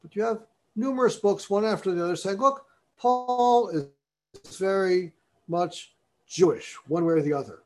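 A man's voice: high-pitched, animated, moderate pace, darkish tone. Man lecturing, reading texts aloud. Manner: discursive, reads passages aloud with emphasis. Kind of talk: university lecture.

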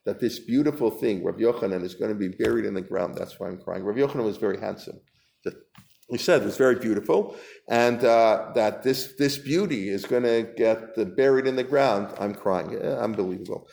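A man's voice: medium pitch, gravelly, a little mellow. A man teaching an informal Talmud class, reading Aramaic lines and paraphrasing them in loose, conversational English. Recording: echoey room.

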